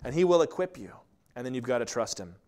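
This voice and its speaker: A male pastor preaching a sermon in an animated way, acting out the characters in the story. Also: mid-range voice, quick pace. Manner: animated, acts out the scripture characters.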